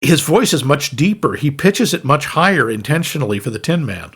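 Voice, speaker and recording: A man co-hosting a podcast in casual movie chat, enthusiastic and quick to laugh while sharing trivia. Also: fairly high pitch, lively intonation, a bit bright, slightly rough. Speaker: podcast co-host.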